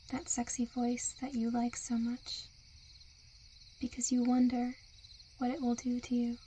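A woman in a whispered role-play, with a soft, soothing and coaxing hypnotic murmur. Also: a little high, a little hiss or hum. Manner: seductive, coaxing.

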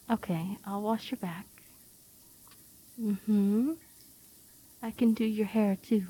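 A woman's voice: medium pitch, fairly even intonation, very slow, pauses often, dark tone, slightly rough, dry recording. A woman performing an intimate audio role-play to the listener, playful and teasing, often giggling.

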